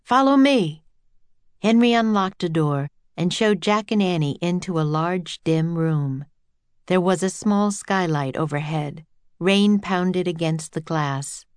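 A woman's voice: on the low side, measured pace, a little mellow, clean tone, no echo. Woman narrating a children's audiobook.

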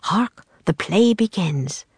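A woman's voice: fairly low pitch, lively intonation, slow, darkish tone, husky, dry recording, exaggerated voice. A woman voicing a kindly, old-fashioned man playwright in a storybook reading, with courtly, archaic phrasing.

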